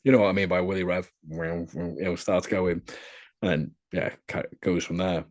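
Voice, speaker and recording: This deep-voiced young British man keeps a level tone and a normal pace. As the adult content creator guest on a casual podcast, he recounts crude anecdotes openly and chattily, leaning on crude humour.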